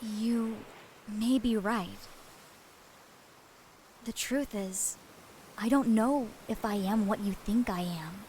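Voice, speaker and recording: An actress voicing a calm, selfless young female apothecary in a video game, composed and earnest. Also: medium pitch, slow, long pauses, a little hiss or hum, close to an everyday voice, rough recording. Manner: composed, earnest, soft-spoken.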